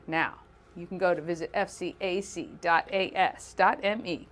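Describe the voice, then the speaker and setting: Woman hosting a local morning show, bright and kinda sharp tone, chatty and laughs a lot. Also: on the low side, fairly even intonation, normal speed, slight background noise. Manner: chatty, upbeat, laughs easily.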